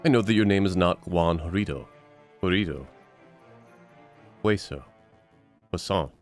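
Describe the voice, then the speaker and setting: A man voicing a stern, blunt male lawyer, speaking in a firm and measured way. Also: a bass voice, darkish tone, husky, faint music behind, voice pushed down, full character voice.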